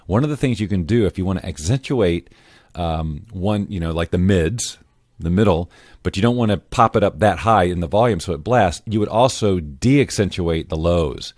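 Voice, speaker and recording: A man walking viewers through an audio editing tutorial in a casual, self-correcting way, often clearing his throat. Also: sits low, expressive, normal speed, darkish tone, no room sound, studio quality. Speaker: voiceover tutorial host. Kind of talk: screen-recorded software tutorial.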